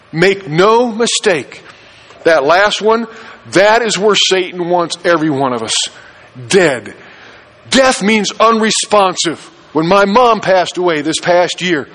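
A man's voice: sits high, fairly bright tone, rough recording. A man preaching a sermon as pastor, emphatic, repeating key phrases and firing rhetorical questions at the congregation.

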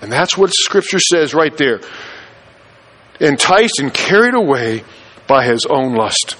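A man's voice: mid-range voice, big pitch swings, measured pace, fairly bright tone, poor audio. A man preaching a sermon as pastor, emphatic, repeating key phrases and firing rhetorical questions at the congregation.

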